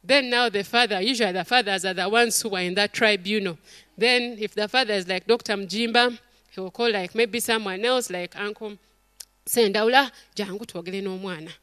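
A woman's voice: mid-range voice, moderate pace, clean tone, dry recording. A middle-aged woman, preaching a sermon to a congregation and acting out stories and quotes. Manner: animated storytelling, acts out quotes, calls to the congregation.

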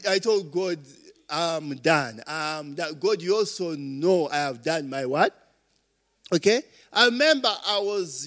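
A man preaching a sermon, quizzing listeners with call-and-response questions and swinging between loud and soft. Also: high voice. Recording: long reverb of a hall.

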